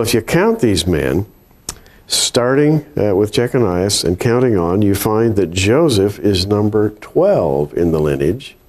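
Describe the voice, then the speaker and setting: A man co-hosting a Bible study conversation, measured in tone and reading scripture with emphasis. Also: on the low side, darkish tone. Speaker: Bible prophecy show co-host.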